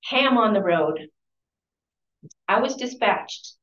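A woman reads from a memoir at a library talk, breaking off for conversational asides and quick self-corrections. She sits well back from the microphone. The sound is roomy, echoing and muffled. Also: mid-range voice, lively intonation, a bit bright. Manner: conversational, corrects herself mid-sentence. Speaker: author giving a book talk. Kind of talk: reading aloud from a memoir with chatty asides. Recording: distant, roomy and dull-sounding.

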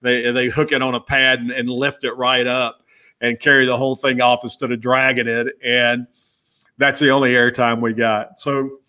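A middle-aged man, a podcast guest, telling stories in a casual interview and acting out the dialogue he quotes. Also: medium pitch. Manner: lively storyteller who acts out quoted dialogue. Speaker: guest, former pit crew member.

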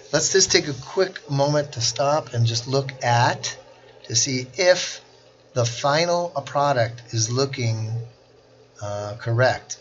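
A man at a mid-range pitch narrates a screen-recorded software lesson, slow and deliberate as he walks through every step. The sound is dull and lo-fi, with a faint hiss behind it. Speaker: instructor.

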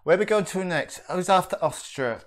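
A man's voice: sits high, lively intonation, a little fast. Casting: a man with a slightly raised voice, a chatty, camp and flustered co-host. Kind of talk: camp comic live-stream hosting.

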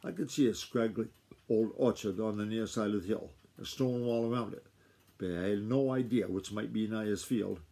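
Father reading aloud at home, steady narration, warm husky voice. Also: fairly low pitch. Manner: steady unhurried read-aloud. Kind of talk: reading a novel aloud to his child.

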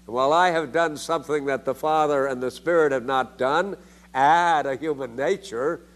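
An older man delivers a theology lecture with a middle-pitched voice. He presses his points with rhetorical questions, and his pitch leaps up sharply when he stresses them. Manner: emphatic, with rhetorical questions and sudden rises in pitch.

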